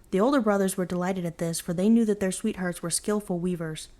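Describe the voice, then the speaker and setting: A woman reading a folktale aloud as a bedtime story, in a calm, even storytelling manner. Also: lowish voice, brisk.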